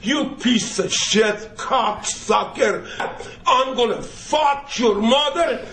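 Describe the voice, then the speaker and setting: A man voicing a crude, furious man with a thick put-on accent, shouting vulgar threats in broken English. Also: very high-pitched, slow, roomy sound, slight background noise, pitched above the performer's own voice, heavily acted. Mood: ranting.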